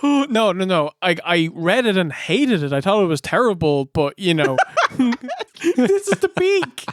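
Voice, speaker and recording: An Irish man co-hosts a comedy review podcast with a lively, swooping delivery. He giggles and sounds exasperated, close and dry. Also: high-pitched, moderate pace, dry recording. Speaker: podcast co-host.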